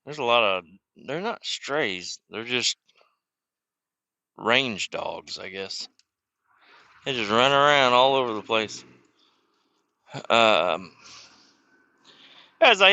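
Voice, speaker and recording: A man rambles through stories about his past from inside a car, swearing freely and chuckling as he goes. His voice has a sharp, very bright edge, and the recording is dry, close and dull. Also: mid-range voice, a little slow, long pauses, clear, resonant tone, no room sound. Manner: profane, laid-back, chuckling, rambling. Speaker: vlogger telling life stories. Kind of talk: casual rambling storytelling. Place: inside a car while driving.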